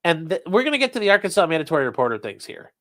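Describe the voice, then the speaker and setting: Animated, high-voiced male commentator. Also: rapid-fire. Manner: animated, profane, acts out quoted dialogue. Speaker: legal commentary host. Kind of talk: casual commentary retelling a police encounter.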